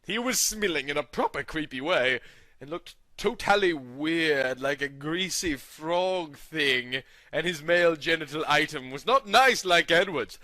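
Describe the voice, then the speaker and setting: A man's voice: fairly high pitch, expressive, unhurried, no room sound. Man giving a mock-dramatic reading. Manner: over-the-top reading with sudden loud outbursts. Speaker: comedy reader. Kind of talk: mock-dramatic reading of bad fan fiction.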